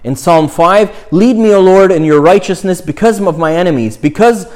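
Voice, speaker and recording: A man's voice: high-pitched, normal speed, darkish tone. A man, a young priest, giving an informal, chatty talk on prayer, often checking in with "right?" and "you know".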